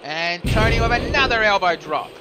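A man giving live play-by-play commentary on a simulated wrestling show, excitable and joking, swearing casually. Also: high-pitched, moderate pace, background noise. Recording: music playing behind.

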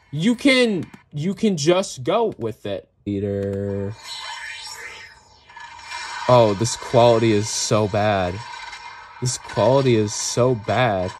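A young man vlogging casually, excitable and swearing, breaking into off-key singing. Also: mid-range voice. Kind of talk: casual reaction vlog.

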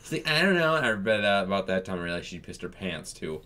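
A man's voice: sits low, fast talker, a bit bright. A man co-hosting a reaction channel, telling an exasperated, swearing story about parenting. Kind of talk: casual storytelling chat.

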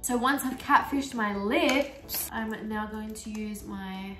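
A young woman chatting casually while doing her makeup, full of "like" fillers and lively storytelling. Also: mid-range voice, takes it slowly. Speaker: beauty vlogger. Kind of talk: casual get-ready-with-me chat. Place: small bedroom filming setup. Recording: roomy echo, mic at a distance, soft music.

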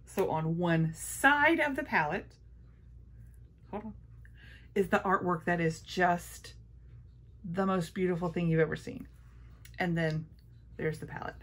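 A woman's voice: fairly low pitch, unhurried, long pauses, a bit bright. A woman chatting casually through a makeup haul, gushing and repeating her praise. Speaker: beauty vlogger.

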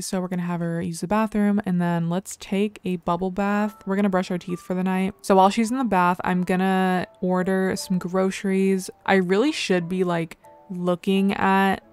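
This is a young woman talking her way through a life-sim game, rambling and leaning hard on filler words. Her voice sits a little low for a woman, and soft music plays faintly behind her. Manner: gushing squeals over cute moments. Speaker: let's play creator. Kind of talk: casual game commentary.

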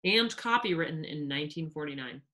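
A woman's voice: sits low, lively intonation, a little fast, bright, forceful tone. A woman co-hosting a children's reading, chatting and reading a storybook aloud with expression. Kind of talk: storybook read-aloud and chat.

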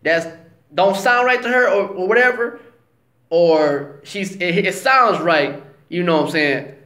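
Man vlogging on scripture, high-pitched, slow and emphatic, in an echoey room. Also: pushed and bright. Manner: slow, emphatic, conversational, says "you know what I'm saying". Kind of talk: casual religious talk. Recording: roomy echo.

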